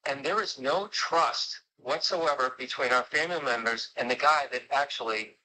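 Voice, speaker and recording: A man's voice: mid-range voice, normal speed, pushed and bright, rough recording. A man on a livestream, talking insistently and pleading to be heard. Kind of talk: heated call-in talk.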